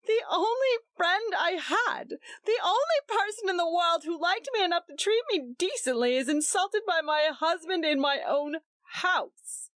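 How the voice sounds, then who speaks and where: A woman reading aloud voicing a distraught young wife who pleads, sobs and snaps bitterly, pitched high. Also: expressive, a little slow, hardly any pauses, fairly bright tone, dry recording, full character voice.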